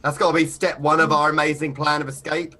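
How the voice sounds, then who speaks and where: A man's voice: fairly high pitch, flat delivery, fast talker, crowd noise. A man playing a tabletop horror game, dry and sarcastic in his banter. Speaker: player. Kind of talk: casual tabletop role-play.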